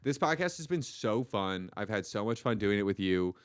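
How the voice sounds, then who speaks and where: A man's voice: lowish voice, lively intonation, moderate pace, clear, resonant tone, no echo, clean studio sound. A young man co-hosting a comedy podcast, telling stories in a joking, self-deprecating way. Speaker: podcast co-host. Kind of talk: casual comedy podcast chat.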